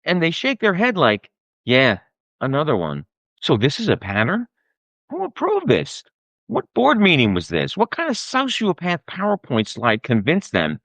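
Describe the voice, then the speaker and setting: Male podcast host, sarcastic profane rant, slightly high pitch, dry close-miked sound. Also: wildly swooping pitch, normal speed, vocal fry, a bit bright, no room sound. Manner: exasperated, sarcastic and profane ranting. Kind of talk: comedic rant.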